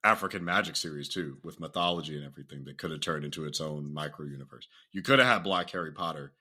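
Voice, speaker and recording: A man from the US hosting a casual podcast chat, talking in an animated, profane way and laughing often. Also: a bass voice, fast. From United States. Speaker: podcast host.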